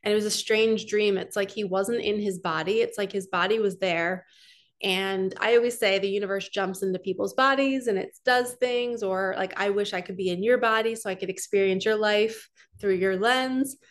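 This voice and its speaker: A woman's voice: medium pitch, fairly even intonation, normal speed. A woman giving a casual oracle card reading, talking earnestly and rambling a little as she speaks straight to her viewers. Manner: earnest, chatty and rambling, addressing viewers directly. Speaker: spiritual coach doing card readings.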